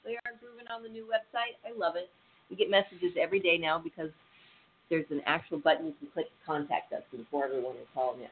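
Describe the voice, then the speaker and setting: A chatty radio host rambles through the show's news in a relaxed, informal way. The voice sits at a middle pitch and comes through thin and phone-like, with a faint hiss behind it. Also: quick pace. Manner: chatty, rambling, laughs easily. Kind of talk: casual radio chat.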